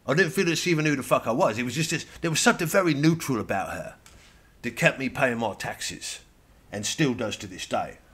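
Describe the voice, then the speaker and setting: A man's voice: medium pitch, expressive, fairly quick, fairly bright tone, husky. Brief: male comedian as an Irish TV guest, sweary and rambling, mid-range voice. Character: ranting sweary Irish man on television. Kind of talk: satirical character monologue.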